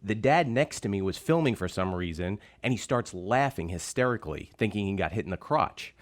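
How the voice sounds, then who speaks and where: A man's voice: on the low side, lively intonation, fairly quick. A man co-hosting a radio morning show, telling a rambling anecdote with many restarts. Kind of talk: casual radio banter. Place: radio studio.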